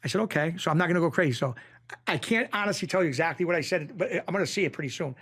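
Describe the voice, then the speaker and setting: A man from Springfield, Massachusetts telling a story as a podcast guest. His voice sits a little high, and he acts out the other people's lines. He gets excitable as the tale builds. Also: rapid-fire, breathy edge. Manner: excitable, acts out quotes, jumps pitch when excited. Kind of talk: animated storytelling in a podcast interview.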